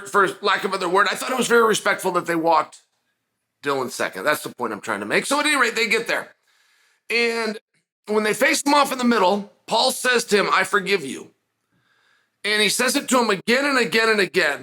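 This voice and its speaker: Energetic middle-aged man breaking down a fight. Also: high voice. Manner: energetic, emphatic, repeats phrases. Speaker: podcast host and fight analyst. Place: closet at home.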